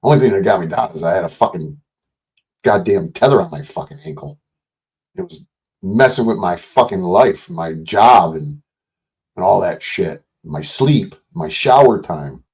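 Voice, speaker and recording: An older man chats loosely on his own livestream, his fairly low voice rambling between jokes and curses. He reads viewer messages aloud and answers them in a casual, off-the-cuff way. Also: animated, normal speed, gravelly, a little mellow. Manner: rambling, profane, jokey, reads out chat. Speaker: livestream host.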